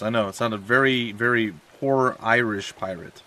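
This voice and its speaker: A man's voice: lowish voice, moderate pace, hardly any pauses, pushed and bright. A man hosting a let's play, chatting casually in a rambling, jokey way at a desk mic at home. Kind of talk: casual gameplay commentary.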